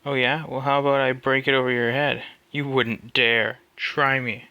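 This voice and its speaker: A man's voice: mid-range voice, little pitch movement, normal speed, pushed and bright, dry recording, muffled recording. A man streaming live, reading a text adventure aloud and answering it with cocky, joking banter.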